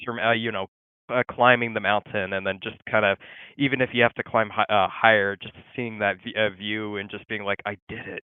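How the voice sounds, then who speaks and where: A man hosting a casual gaming podcast, talking in a halting way with many restarts. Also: lowish voice, clear, resonant tone, dry recording. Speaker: podcast host. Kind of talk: casual chat. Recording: phone-like thin sound.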